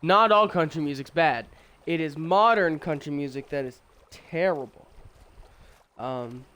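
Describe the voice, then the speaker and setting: A tired young man chats casually while he plays a game on stream. He drifts from thought to thought at a slow, easy pace, full of restarts and fillers. His voice is smooth and clear, and it sits a little higher than most men's. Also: pushed and bright, highs cut off. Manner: rambling and opinionated, with frequent fillers and restarts. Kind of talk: casual chat while gaming.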